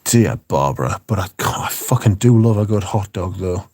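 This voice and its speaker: A man's voice: deep voice, lively intonation, moderate pace, mellow, breathy edge, dry recording, clean studio sound. A man, hosting a livestream in casual chat, reading viewer comments in a rambling, profane, wry way. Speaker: livestream host.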